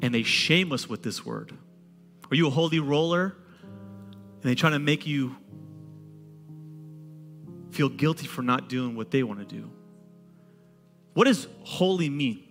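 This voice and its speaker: A man preaching a sermon to a congregation in a lively, conversational way, using humor and repetition. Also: mid-range voice, a little slow, creaky, long pauses, in a large hall, faint music behind. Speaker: pastor.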